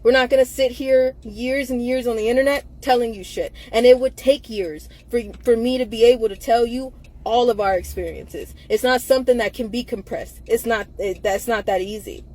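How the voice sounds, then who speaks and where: Sitting in a car, a tired young woman, a social media activist, rants bluntly and defiantly into her phone camera for a vlog, repeating herself for emphasis. Her voice is a little high and darkish in tone, at a moderate pace.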